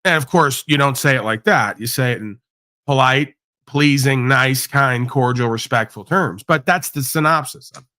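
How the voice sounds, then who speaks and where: A man's voice: medium pitch, moderate pace, pushed and bright, no echo, clean studio sound. A man hosting a livestream, delivering a profane, combative, preachy rant. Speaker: livestream host. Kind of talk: ranting monologue.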